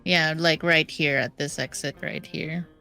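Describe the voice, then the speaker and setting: A woman playing a tabletop game talks slowly in a fairly low voice. She thinks aloud and second-guesses her moves. Faint music plays behind her. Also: steady tone, creaky, sharp tone. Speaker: player.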